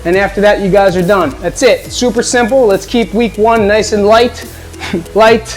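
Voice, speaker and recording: A man's voice: sits high, fairly even intonation, moderate pace, soft background music, poor audio. A man coaching a home workout, upbeat and encouraging, with a joking streak. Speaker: fitness coach.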